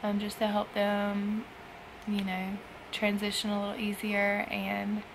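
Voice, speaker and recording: A young woman, a foster mother, talking in an emotional personal vlog, halting and tearful with sighs and trailing phrases. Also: mid-range voice, monotone, gravelly, noisy background. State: emotional after crying. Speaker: foster parent vlogger.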